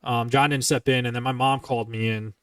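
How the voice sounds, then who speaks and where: With a flat delivery and a clear, resonant, fairly bright mid-range voice, a man in his twenties hosts a podcast and recounts a long story a little fast. The casual chat is heated, rambling and heavily profane. It's recorded dry with no echo, somewhat distant from the mic.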